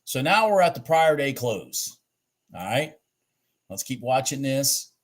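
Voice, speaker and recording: A man hosting a trading channel, reviewing his live trades on charts in a lively, swearing, self-talking way. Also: medium pitch, measured pace. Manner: animated, swears and talks to himself about the charts.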